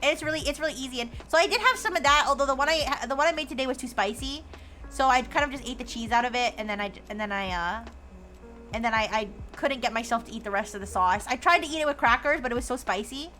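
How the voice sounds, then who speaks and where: Brief: high, bright woman streamer, rambling, playful, stop-start, faint music behind. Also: quick pace. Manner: rambling with many restarts and fillers; playful, plays a robot persona. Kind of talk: casual chat while gaming.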